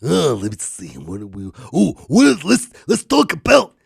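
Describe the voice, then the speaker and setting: A man putting on the voice of a gruff male sidekick who chats with him on his podcast. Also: on the high side, wildly swooping pitch, unhurried, dry recording, studio quality, heavily acted.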